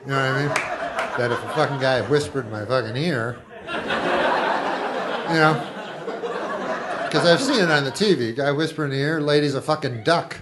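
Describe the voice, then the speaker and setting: A man doing stand-up comedy on a club stage into a handheld mic, deadpan and rambling with folksy asides, as the audience laughs. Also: medium pitch, moderate pace, long pauses, heavy background noise.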